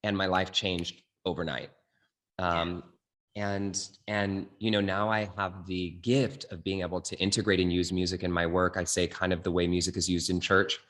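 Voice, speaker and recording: A man's voice: deep voice, normal speed. A man from the Bay Area, a guest singer-songwriter, earnestly telling his life story in an interview. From California, Bay Area. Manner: earnest, animated retelling with acted quotes.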